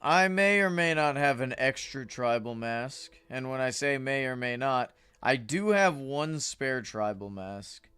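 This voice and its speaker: A man's voice: mid-range voice, animated, measured pace, few pauses, pushed and bright, smooth, soft background music. A man chatting casually with viewers while livestreaming a game, rambling and greeting chat. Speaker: streamer.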